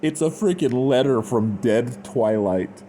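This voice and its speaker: A man's voice: mid-range voice, expressive, unhurried, warm tone, a little hiss or hum. Man, unscripted review, casual slang, rambling, filler words. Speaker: fan fiction reviewer.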